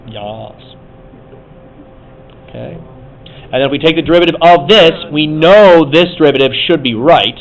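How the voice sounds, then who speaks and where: A man's voice: a little high, moderate pace, creaky, long pauses, poor audio. A man teaching a math class, talking casually and thinking aloud as he coaxes students through problems. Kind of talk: classroom lecture.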